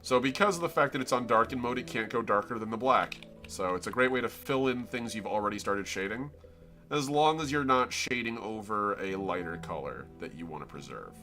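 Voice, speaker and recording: Lively bright-voiced Floridian man. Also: lowish voice, fairly quick, soft background music. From Florida, United States. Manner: rambling, self-interrupting, explains as he draws. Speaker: artist streaming a live drawing session. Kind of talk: casual live-stream chat while drawing.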